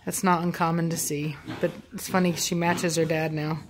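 Woman dog breeder, casual home vlog narration, slightly low pitch, amused and chatty. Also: flat delivery, normal speed, slight background noise. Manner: chatty, amused, laughs often. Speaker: dog breeder filming her dogs. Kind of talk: casual running commentary. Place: home with dogs playing nearby.

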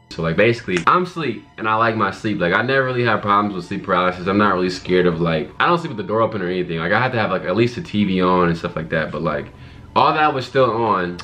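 A man's voice: low-pitched, a bit bright. A young man casually telling a story to camera in a laid-back, slangy way as co-host of a couple's channel.

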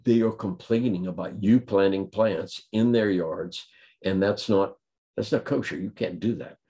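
A man quoting an exasperated husband who scolds his wife, in a low voice. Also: measured pace, mellow. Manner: complaining, scolding.

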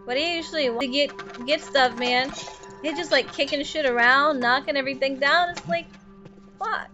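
A woman streamer giving casual, profane gameplay commentary, chatting with viewers and breaking into laughs and loud outbursts. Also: high-pitched, moderate pace. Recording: dull lo-fi stream audio with faint music.

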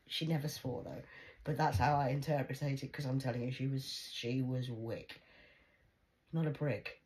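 A woman's voice: a bass voice, steady tone, moderate pace, a little mellow, rough recording. A woman telling family stories in a rambling, casual monologue, often dropping to a whisper and swearing freely. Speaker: vlogger.

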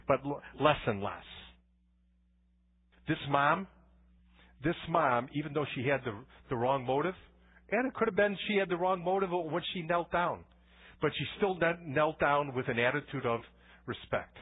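A man's voice: fairly high pitch, slightly rough. A man pastor giving a conversational sermon with personal stories, often restarting his words. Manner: conversational preaching with anecdotes and frequent restarts. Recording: tinny phone-like church recording.

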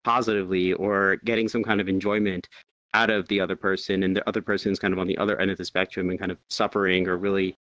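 Low-ish guy hosting a chat, walks through a study, dry close sound. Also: flat delivery, fairly bright tone, dry recording. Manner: measured, explains research findings. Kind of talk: casual panel discussion.

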